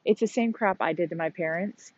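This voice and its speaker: Woman host, forties, low-ish voice, candid and fed up, casual solo podcast, dull lo-fi sound. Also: brisk, darkish tone. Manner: candid and exasperated, venting with mild swearing. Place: outdoors on a beach.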